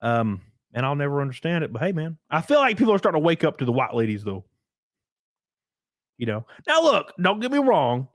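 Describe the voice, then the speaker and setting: A man's voice: fairly high pitch, very animated, a little fast, no echo, studio quality. A man hosting a casual solo livestream, rambling and crude, often laughing as he reads out chat comments. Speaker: livestream host.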